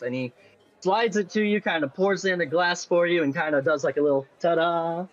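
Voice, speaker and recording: A man narrating as game master for a tabletop game, in an animated, playful way. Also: fairly high pitch, a little fast, highs cut off.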